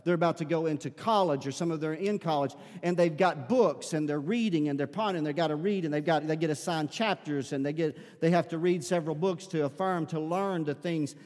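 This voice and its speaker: A man's voice: on the high side, a little fast, few pauses, a little mellow. A man preaching a sermon in a church, earnest and often repeating words as he presses a point. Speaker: pastor. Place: church sanctuary. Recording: long hall reverb.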